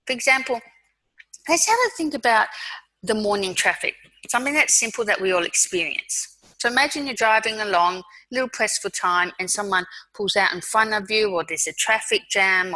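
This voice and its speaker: A woman with an Australian accent giving a webinar talk on mindfulness, guiding listeners through an exercise in a calm, slow way with soft pauses. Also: mid-range voice, no room sound, rough recording. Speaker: mindfulness speaker.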